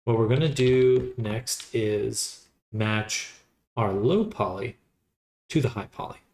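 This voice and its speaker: A man casually thinking aloud with pauses while he works live on a 3D model. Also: fairly low pitch, gravelly, darkish tone, slight background noise. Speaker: 3D modeling streamer. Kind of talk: casual live-stream commentary while working.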